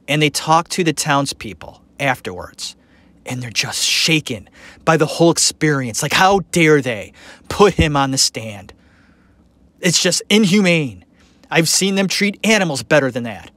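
A man's voice: fairly high pitch, no echo. A man hosting a podcast, talking through a documentary in a casual, opinionated and rambling way. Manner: animated, opinionated, rambling with fillers. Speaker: podcast host. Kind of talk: casual commentary.

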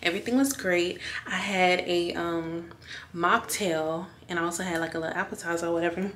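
A woman's voice: fairly low pitch, steady tone, a little fast, fairly bright tone. A young woman talking casually to her viewers in a vlog, calling them y'all. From Houston, USA. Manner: chatty, addresses viewers as y'all. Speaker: vlogger. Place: busy bar or restaurant. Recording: crowd chatter and noise behind.

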